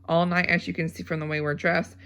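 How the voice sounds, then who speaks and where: Woman reading as a cold warden, curt, defensive, gravelly, storybook. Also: on the low side, flat delivery, a little fast, fairly bright tone.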